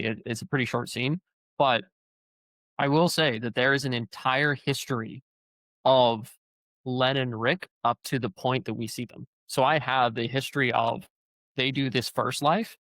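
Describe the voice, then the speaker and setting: In a casual long-form conversation, an author hosting the show rambles and thinks out loud with plenty of fillers. His voice is medium in pitch and a bit bright, recorded without echo.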